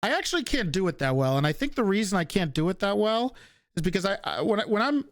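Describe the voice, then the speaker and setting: A man's voice: sits high, sing-song, fast, dry recording. Streamer, male, slight Northeastern US accent, loose chat with viewers, casual cursing, dry close sound. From Northeastern United States. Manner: reads viewer questions aloud and answers offhandedly, swears casually.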